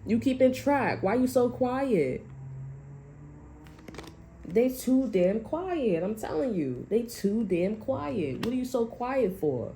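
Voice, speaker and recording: Slight background noise sits under a woman whose mellow, somewhat high voice swings widely in pitch as she speaks slowly. She's a tarot reader giving a loose, profane, chatty reading to viewers, full of fillers and restarts.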